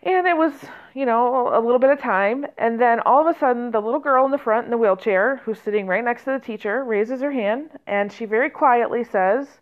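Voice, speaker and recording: A woman trainer telling a personal story in a conversational way, with fillers and restarts and lively quoted speech. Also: a little high, brisk, hardly any pauses, narrow, tinny audio. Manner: conversational, many fillers and restarts, animated quoting.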